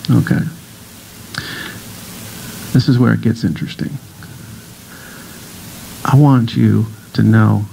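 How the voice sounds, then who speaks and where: A middle-aged man with a gravelly edge gives a casual talk to a church audience. He is a playful storyteller who slips into other people's voices for laughs. His pitch sits in the middle of the range. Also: warm tone, a little hiss or hum, rough recording. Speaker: guest speaker, breathwork teacher. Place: congregation hall.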